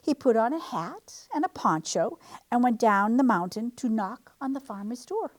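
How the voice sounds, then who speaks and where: Storytime reader, woman, expressive read-aloud, lively up and down voice. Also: a little high, normal speed. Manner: expressive, animated. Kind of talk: reading a picture book aloud.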